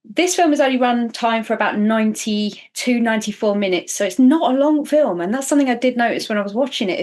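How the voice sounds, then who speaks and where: A woman hosting a podcast in casual chat, chatty and self-mocking with quick asides. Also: medium pitch. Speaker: podcast host.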